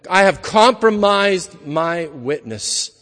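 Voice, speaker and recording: A man's voice: high voice, lively intonation, slow, a bit bright, in a large hall. A man preaching an evening sermon in an earnest, emphatic manner, building his points through repeated phrases.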